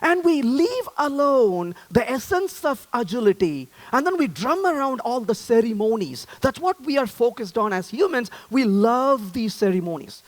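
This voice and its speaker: Lively man giving a joking tech talk. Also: very high voice, normal speed, few pauses. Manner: lively, joking, asks the audience questions. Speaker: conference speaker. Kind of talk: conference talk.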